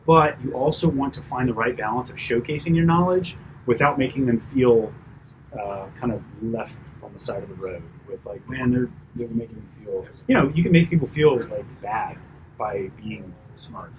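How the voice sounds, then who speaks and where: A man working as a personal trainer, giving a chatty, animated debrief after a client session, full of fillers and asides. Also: medium pitch, dull audio, a little hiss or hum. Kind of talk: casual coaching debrief.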